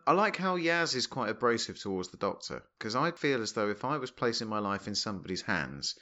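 Bright-voiced man on lo-fi audio. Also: lowish voice, very animated, a little fast. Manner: chatty, laughs often. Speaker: podcast co-host. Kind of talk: casual podcast discussion. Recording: slightly dull, lo-fi audio.

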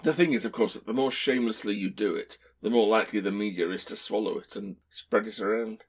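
A man's voice: fairly low pitch, quick pace, slightly rough. A man co-hosting a podcast, talking in a dry, wry, opinionated way. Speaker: podcast co-host. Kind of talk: casual podcast discussion.

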